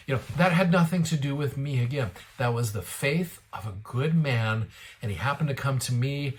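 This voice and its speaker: A man's voice: mid-range voice, big pitch swings, fairly quick. Earnest man telling a faith story. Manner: earnest, retells dialogue with a lifted voice. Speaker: host of a daily scripture show. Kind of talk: devotional storytelling.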